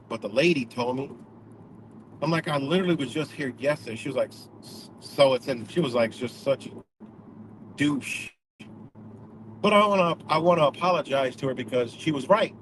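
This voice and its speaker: A man's voice: mid-range voice, noisy background. A man talking casually in a rambling way, full of fillers, restarts and swearing. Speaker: vlogger. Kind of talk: casual spoken reflection.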